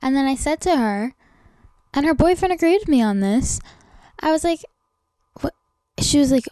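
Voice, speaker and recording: A young woman talks alone into her podcast mic, rambling and exasperated, filling every pause with "like" and dropping swears. Her voice sits a little high, and the sound is close and dry. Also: lively intonation, a little mellow, no echo. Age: young adult. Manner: rambling, heavy "like" filler, swears freely, exasperated. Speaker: podcast host. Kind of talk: casual solo chat.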